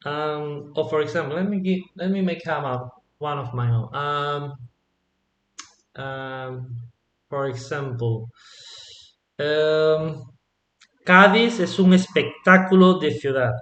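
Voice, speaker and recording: A man teaching an online Spanish lesson, explaining slowly and patiently and checking in with "yeah?" after his examples. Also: on the high side, a bit bright, roomy sound, dull audio.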